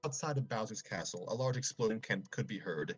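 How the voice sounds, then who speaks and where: A man hosting, reading a fan story aloud with joking asides and clearing his throat often between passages. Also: fairly low pitch, expressive, fairly quick, dry recording, faint music behind, rough recording. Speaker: story reader and show host.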